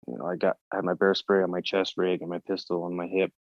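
A man on a podcast as the guest, telling a story in casual talk, animated and swearing freely as he acts out his own reactions. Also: sits low, quick pace, dry recording, dull audio.

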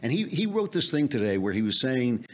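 A man appearing as a guest in a casual political chat, laughing often and talking in an animated way. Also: medium pitch, brisk.

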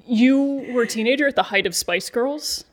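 A woman in her forties runs a light interview with quick, playful questions. Her voice sits a little high. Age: 40s. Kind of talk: casual interview.

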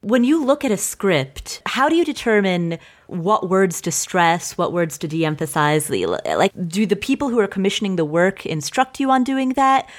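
A woman co-hosting a podcast, asking measured, thoughtful questions. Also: medium pitch, sing-song. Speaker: podcast co-host.

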